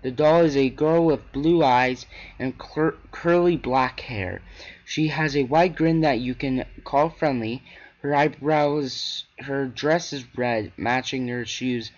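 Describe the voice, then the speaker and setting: Brief: male gamer reading on-screen horror text aloud, halting, muffled low-fi sound. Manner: halting, with frequent restarts and stumbles. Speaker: gaming channel host.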